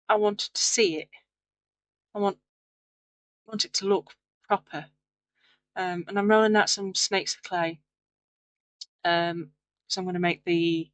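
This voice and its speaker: A woman's voice: lowish voice, a bit bright, rough recording. A tired woman narrating her clay crafting in a rambling, chatty, self-deprecating way late at night. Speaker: craft video host. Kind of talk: casual voice-over crafting narration.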